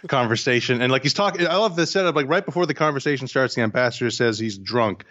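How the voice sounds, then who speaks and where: A man's voice: medium pitch, expressive, fast, a bit bright. Fields: Sex: man. Role: podcast co-host. Style: casual film review chat. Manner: enthusiastic, stumbling restarts. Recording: dull, lo-fi. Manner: enthusiastic, repeats words as he thinks.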